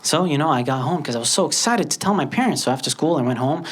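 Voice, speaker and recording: Animated young male stand-up comic. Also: a little high. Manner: animated storytelling, acts out characters in quick bursts. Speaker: stand-up comedian. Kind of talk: stand-up set. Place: comedy stage with a laughing audience. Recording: loud audience laughter and noise.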